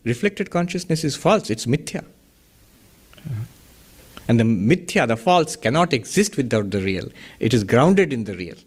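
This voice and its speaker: A man giving a philosophy lecture in a study session, explaining step by step with rhetorical questions and Sanskrit terms. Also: a little high. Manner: chuckles at his own wordplay. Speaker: teacher of a Vedanta study session.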